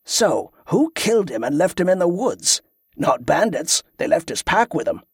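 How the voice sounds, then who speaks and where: A man's voice: a little high, big pitch swings, moderate pace, gravelly, breathy edge, no room sound, clean studio sound, exaggerated voice. A male narrator voicing a brash, profane ship captain who talks in a brusque, irritable way.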